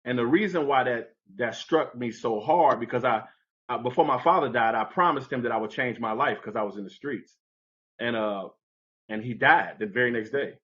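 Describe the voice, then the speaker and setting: At a moderate pace and with a fairly bright tone, a podcast guest tells an animated story from his youth. He imitates what people said with big jumps in his voice; the recording is muffled.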